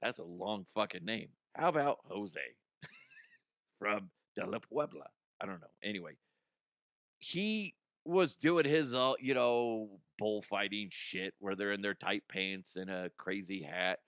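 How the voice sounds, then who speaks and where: A man's voice: lowish voice, measured pace, a bit bright, dry recording, clean studio sound. A young adult man hosting a comedy news podcast, ranting casually with swearing, laughter and mocking put-on voices.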